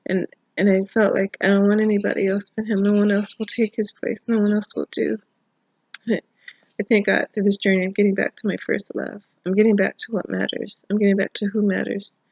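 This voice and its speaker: A woman's voice: mid-range voice, little pitch movement, fairly quick, vocal fry, darkish tone, husky, no echo, highs cut off. A middle-aged woman sharing an emotional, prayerful personal testimony in a video diary, tearful and rambling at times. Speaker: vlogger. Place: home. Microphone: phone camera.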